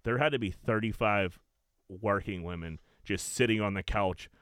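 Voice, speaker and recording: A man's voice: lowish voice, normal speed, fairly bright tone, smooth, dry recording, clean studio sound. Crude casual podcast guy. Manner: crude, says dude a lot. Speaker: podcast host. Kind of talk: casual banter.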